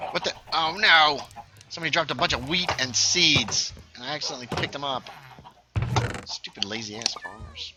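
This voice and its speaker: A man's voice: medium pitch, animated, normal speed, pauses often, background noise. A man chatting casually and joking as he streams a video game. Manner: chatty, playful, jokey. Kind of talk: casual gameplay chat.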